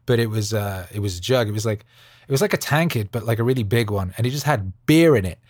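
A man's voice: lowish voice, animated, quick pace, dry recording, clean studio sound. Jokey, slangy man rambling on a podcast. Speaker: podcast host. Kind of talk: casual rambling monologue. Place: Los Angeles studio.

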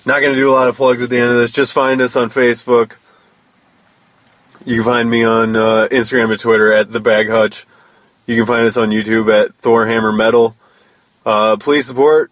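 A man's voice: medium pitch, fairly bright tone, no echo, rough recording. A man hosting a podcast, telling a loose, rambling story about his band and swearing casually. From United States. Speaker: podcast host and metal musician.

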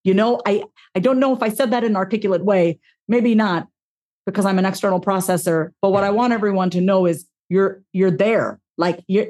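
A woman speaking as a podcast guest, giving a heartfelt motivational talk with expressive self-talk and casual swearing. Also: medium pitch, a little fast.

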